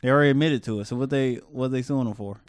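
A man's voice: medium pitch, very fast, smooth, no room sound. A man co-hosting a podcast, blunt and joking with profanity. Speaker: podcast co-host. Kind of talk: casual chat.

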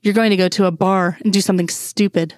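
A woman voicing an exasperated grown woman, a sharp FBI doctor, in a fan story reading. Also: medium pitch, fairly even intonation, fast talker, dry recording, studio quality, close to an everyday voice. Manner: exasperated, pleading.

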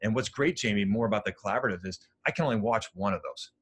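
Brief: low-voiced male coach, rambling and animated, faint ambience behind. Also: rapid-fire, slight background noise. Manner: animated, rambling storyteller with many fillers. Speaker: lacrosse coach. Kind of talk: casual podcast conversation.

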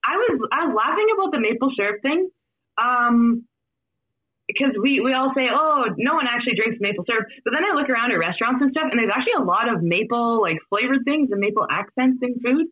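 High Canadian woman on a tinny call. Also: animated, a little fast, slightly rough. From Saskatchewan, Canada. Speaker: podcast guest. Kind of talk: casual chat. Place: bedroom. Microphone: video call. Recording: tinny video call audio.

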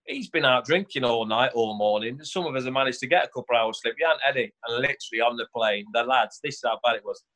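A man's voice: medium pitch, quick pace, hardly any pauses, a bit bright. A man, a former footballer telling stories in casual chat on a podcast and laughing often. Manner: boisterous storyteller, laughing often.

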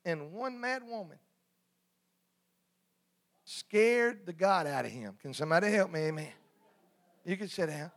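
A man's voice: high-pitched, animated, unhurried, pauses often, a bit bright. A man preaching a sermon in a folksy, humorous call-and-response style.

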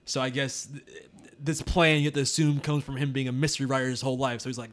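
A man's voice: mid-range voice, fast talker. A man hosting a podcast, chatting casually about a movie, laughing often and talking loosely. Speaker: podcast host. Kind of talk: casual movie review chat.

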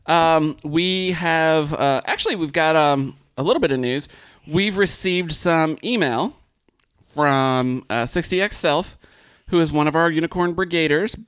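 A woman's voice: deep voice, unhurried, smooth, no echo, studio quality. A woman hosting a casual podcast, joking around and laughing often as she reads the show news. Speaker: podcast host.

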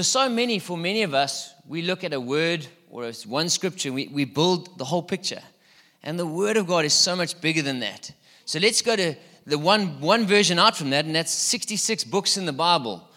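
A man's voice: a little high, bright, forceful tone. A middle-aged man preaching a sermon in a church hall, chatty and playful, quizzing his congregation. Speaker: pastor.

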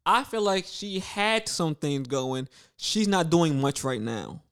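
Lively young man, teasing podcast talk. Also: a little high, slow pace, smooth. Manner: lively, teasing, laughs often. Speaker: podcast co-host. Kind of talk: casual chat.

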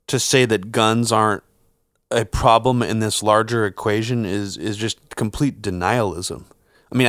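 A man's voice: fairly low pitch, a bit bright, no room sound, clean studio sound. A man co-hosting a political podcast, blunt and rambling, cursing as he argues. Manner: blunt, rambling with restarts and swearing. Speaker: podcast co-host. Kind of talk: casual political chat.

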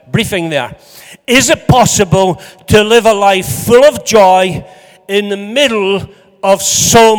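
High-voiced Scottish preacher in a hall. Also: male voice. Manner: chatty, joking, emphatic preaching. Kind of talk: sermon. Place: church hall. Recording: hall reverb.

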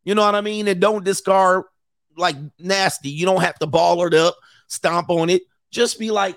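A man hosting a reaction show, mocking a clip with brash, sing-song commentary and quick impressions. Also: sits high, steady tone, vocal fry, fairly bright tone, no room sound, clean studio sound.

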